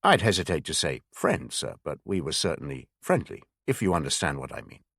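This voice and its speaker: A man's voice: rumbling low, sing-song, brisk, fairly bright tone, no room sound, clean studio sound, pitched below the performer's own voice, heavily acted. A man reading a younger male intelligence officer who answers his boss politely in an audiobook. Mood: deferential. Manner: polite, deferential to superior.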